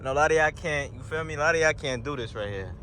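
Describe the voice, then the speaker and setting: A slightly high, quick-talking young man drives and vlogs, a mounted camera recording his slang-filled, direct-to-viewer chatter. Acceleration makes him loud and excited, and light road noise hums through the car.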